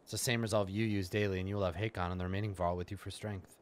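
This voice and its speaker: A man reading the lines of a loyal, gruff ancient male giant in a low, steady, heartfelt way. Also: very fast, a little hiss or hum, close to an everyday voice.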